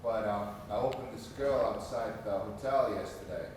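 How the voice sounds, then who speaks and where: A man's voice: lowish voice, moderate pace, darkish tone, a little hiss or hum. Distant male student in echoey room. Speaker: workshop student. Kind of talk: telling an anecdote in class. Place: seminar room, from the back.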